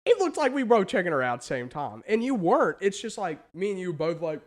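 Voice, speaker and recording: A young American man co-hosting a casual podcast, telling an animated story with lots of swearing and acted-out quotes. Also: high voice, fast. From United States. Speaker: podcast co-host. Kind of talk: casual chat.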